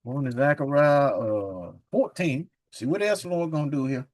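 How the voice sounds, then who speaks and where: A man teaching from the Bible in a casual, folksy way, reading scripture slowly and breaking in with chuckling asides. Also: medium pitch, darkish tone. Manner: chuckles often, says "man" and "look" a lot.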